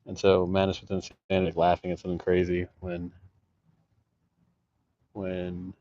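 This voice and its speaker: Deep-voiced, profane male vlogger who tells rambling stories, recorded on dull, muffled audio. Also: completely flat delivery, normal speed, warm tone. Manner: rambling, profane, restarts sentences. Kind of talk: casual storytelling vlog. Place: outdoors in an urban jungle, sleeping rough.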